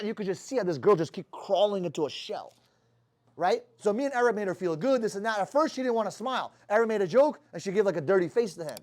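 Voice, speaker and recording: A high-pitched man talks at a rapid clip, coaching his sales team. He is blunt and swears constantly, throwing rhetorical questions at the people in front of him. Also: lively intonation, darkish tone. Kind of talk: motivational talk to his team.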